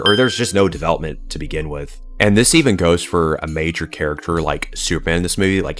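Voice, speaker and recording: A man with a very low, deep voice delivers a scornful film review, swearing freely and cutting down what he dislikes. Soft music plays faintly behind him. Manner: blunt, profane and scornful. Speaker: movie reviewer.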